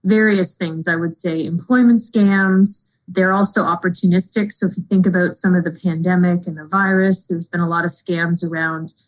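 A woman's voice: fairly low pitch, steady tone, normal speed, hardly any pauses, low-quality recording. A woman guest, a fraud expert, explaining fluently in an interview. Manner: fluent, explanatory, uses "kind of" often. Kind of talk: interview answers.

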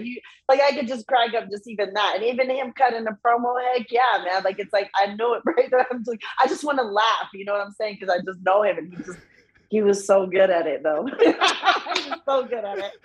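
A woman's voice: a little high, rough recording. A woman, a guest on a podcast, chatting casually in a loose, slangy way, often saying "bro" and "you know what I'm saying.". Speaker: podcast guest, pro wrestler. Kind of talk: casual interview chat.

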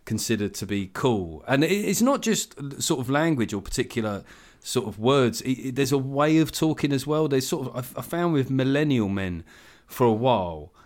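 A man's voice: mid-range voice, expressive, normal speed, hardly any pauses, darkish tone. Wry ranting man in his forties. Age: 40s. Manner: wry, ranting, mimics others in quoted voices. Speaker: comedian guest. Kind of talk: casual podcast chat.

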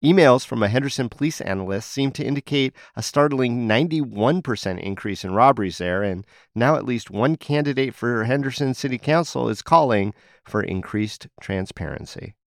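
A man hosting a news podcast in a playful, upbeat way, at an everyday mid pitch. The sound is dry and close, with no room around it. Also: animated, normal speed, few pauses, dry recording. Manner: playful, upbeat host patter. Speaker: podcast host.

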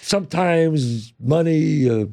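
A man's voice: fairly high pitch, takes it slowly, vocal fry. An older man from New York, a guest telling family stories in an interview and acting out his relatives' voices. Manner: animated, acts out relatives' voices. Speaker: guest, actor and writer. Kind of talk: storytelling interview.

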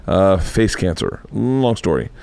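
A man's voice: sits low, unhurried, creaky, noisy background. A middle-aged man hosting a podcast, talking casually and telling stories with lots of swearing. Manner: animated storyteller, swears freely. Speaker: podcast host. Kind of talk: casual chat.

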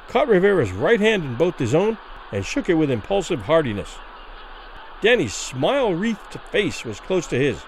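A male storyteller giving a vivid dramatic reading of a classic tale. His voice rides rather high and moves a great deal in pitch, rising and falling with the action. Faint noise sits underneath. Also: poor audio. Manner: vivid, expressive narration. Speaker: narrator.

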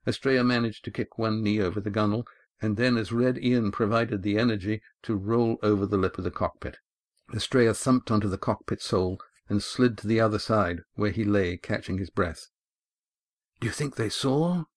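Man, audiobook narrator, measured, low voice, dry close studio sound. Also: fairly even intonation, no echo.

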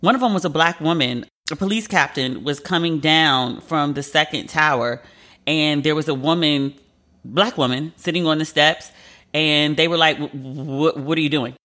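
A woman's voice: deep voice, moderate pace, pushed and bright. A woman hosting a podcast, retelling a story in a chatty, emotional way with lots of fillers. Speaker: podcast host. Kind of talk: casual solo podcast storytelling.

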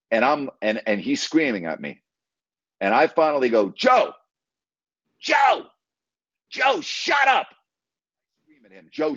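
Middle-aged male radio host, blunt and emphatic storyteller, low-ish voice, dull dry recording. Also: no room sound. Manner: blunt, emphatic, salty language. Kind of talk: storytelling in an interview.

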